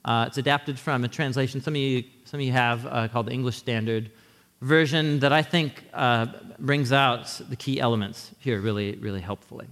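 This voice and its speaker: A man's voice: mid-range voice, steady tone, moderate pace, fairly bright tone, long reverb tail. A man preaching a sermon in a conversational teaching manner, often checking in with his listeners. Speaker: pastor.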